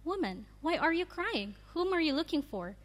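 A calm, gentle grown man speaks in a slightly raised, read-aloud voice, as a woman reading scripture puts him on. The reverb trails off long, as in a large hall. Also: sits high, normal speed, pitched above the performer's own voice.

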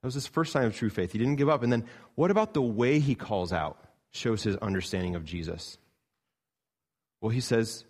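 A man delivers a sermon in a low voice. He preaches earnestly, rising to emphatic peaks and then dropping low. He is a pastor from Canada. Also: animated, moderate pace, darkish tone, husky.

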